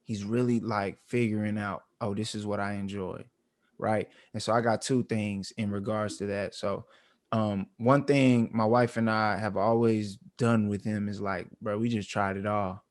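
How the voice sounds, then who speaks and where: On a podcast he co-hosts, a man in his thirties tells an emotional family story packed with slang and fillers. His lowish voice holds a steady tone at a normal speed.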